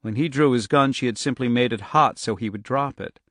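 A man narrates an audiobook with steady, tense pacing. His voice sits in a middle register. The recording is dry and close, with no room sound. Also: mid-range voice, a little fast, no echo.

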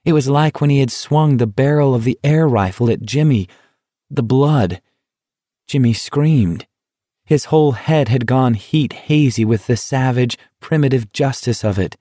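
A man reading a novel aloud as a dramatic audiobook narrator, measured and unhurried. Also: medium pitch, warm tone, dry recording, studio quality.

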